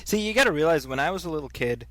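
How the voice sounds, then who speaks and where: A man from Saudi Arabia co-hosting a movie podcast, joking and telling animated stories in casual chat. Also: on the high side, racing. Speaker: podcast co-host.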